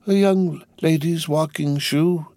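Man voicing a frail old doctor, thin high faraway voice, slow muttering, dry recording. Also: mellow, dry recording. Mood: dazed. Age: older. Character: frail elderly male doctor, dazed and withdrawn.

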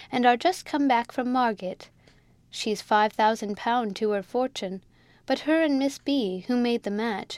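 A woman narrating a classic novel in a measured, expressive audiobook reading. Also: fairly high pitch, no echo. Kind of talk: scripted narration.

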